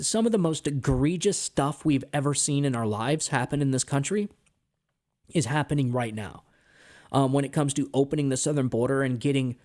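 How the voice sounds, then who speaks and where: An American man hosts a political commentary show, delivering a heated, exasperated monologue and often ending lines with "man." His voice is mid-range with a darkish tone.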